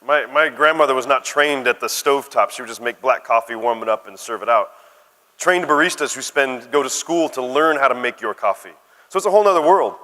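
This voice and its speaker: A middle-aged American man from Arizona gives a conference keynote, telling stories and tossing asides to the crowd. His voice is bright and forward, and it carries a long reverb from a big hall. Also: mid-range voice, expressive, fairly quick. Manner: conversational storytelling with asides to the audience. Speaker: conference speaker. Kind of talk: keynote talk.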